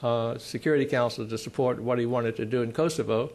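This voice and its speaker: A man speaking at a conference panel on constitutional law. He explains in a measured way, pausing often, with dry, emphatic asides. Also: medium pitch, fairly even intonation, darkish tone. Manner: measured, explanatory, with frequent pauses.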